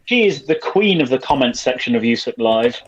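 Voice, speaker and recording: A man's voice: medium pitch, sing-song, fairly quick. A British man co-hosting a casual podcast, introducing guests in a playful, teasing way. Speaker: co-host. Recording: dull lo-fi sound.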